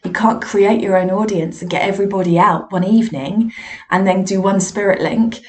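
Woman, mid-pitched, medium and teacher sharing frank, self-deprecating stories in a candid monologue. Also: fairly even intonation, moderate pace, a little mellow. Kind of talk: candid personal storytelling monologue.

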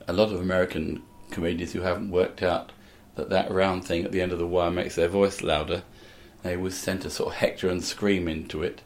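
A man's voice: deep voice, darkish tone. An older man, a comedian, telling stories in casual conversation with a dry, anecdotal manner. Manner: anecdotal, dry, acts out quoted lines. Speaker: comedian guest.

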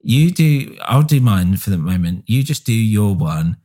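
A man with a deep voice co-hosts a podcast in a relaxed, enthusiastic way. His tone is dark and mellow, and he fills his pauses with ums. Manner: relaxed, filler-heavy, enthusiastic. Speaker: podcast co-host. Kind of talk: casual chat.

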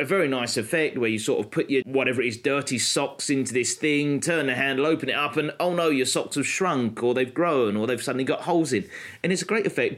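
A man co-hosting a podcast and telling history stories in a casual, explanatory way. He slows down for the dramatic moments. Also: mid-range voice.

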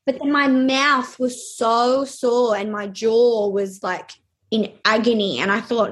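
Young woman, slightly high voice, interviewee; halting, hesitant storytelling with lots of fillers. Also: steady tone. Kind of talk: personal storytelling.

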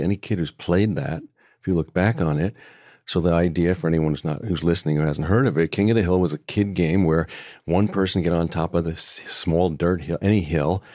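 A man with a deep voice speaks reflectively in a conversation, taking his time and circling back on his phrases. His tone is warm and mellow. He sounds close to the mic in a dry, dead space. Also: dry recording. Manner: thoughtful, unhurried, with frequent restarts. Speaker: author guest.

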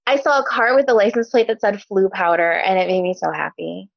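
A woman's voice: mid-range voice, animated, a little fast, vocal fry, dull audio, slight background noise. A young adult woman from Omaha, co-hosting a casual book podcast, chatty with many ums. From Omaha, Nebraska. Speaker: podcast co-host. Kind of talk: casual book discussion chat.

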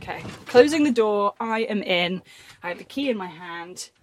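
A young woman chatting casually in a farm vlog, nervous and quick to laugh, talking from a tractor cab. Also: medium pitch, expressive, noisy background. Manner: chatty, nervous, laughs often, exclaims a lot. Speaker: farm vlogger. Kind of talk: casual vlog talk to camera.

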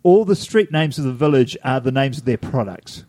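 New man, podcast co-host, chatty and rambling, mid pitch, dry close mic. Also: animated, moderate pace, dark tone, no room sound. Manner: chatty, rambling, laughs at himself. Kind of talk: casual chat.

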